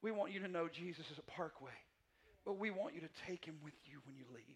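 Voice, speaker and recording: High, bright-voiced man preaching. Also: quick pace, husky. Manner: repetitive, emphatic preaching with swings between soft and loud passages. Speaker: pastor. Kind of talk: sermon. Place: church sanctuary.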